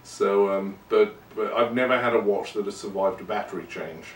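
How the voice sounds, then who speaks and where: Lowish guy rambling through a podcast, joking at his own expense, kinda far from the mic. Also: fairly even intonation, moderate pace, a little hiss or hum. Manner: rambling and self-deprecating. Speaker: podcast host. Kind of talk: casual monologue. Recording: roomy and distant from the mic.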